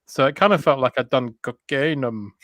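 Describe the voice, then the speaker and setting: A man's voice: medium pitch, a bit bright, dry recording. Jokey British man, dry close sound. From Britain. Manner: jokey, teasing, quick banter. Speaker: podcast co-host. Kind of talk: casual chat over a video call.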